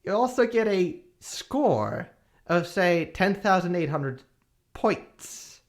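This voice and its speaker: A man's voice: sits high, big pitch swings, takes it slowly. A man streaming, reading a long game review aloud with small hesitations.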